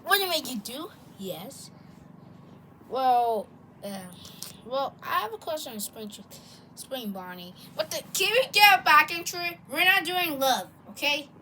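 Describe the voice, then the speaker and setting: Woman running a homemade toy skit, high voiced, bright, unhurried, rambling delivery. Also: a little hiss or hum. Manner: excitable, rambling, with many restarts. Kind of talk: plush toy skit, one person doing all voices.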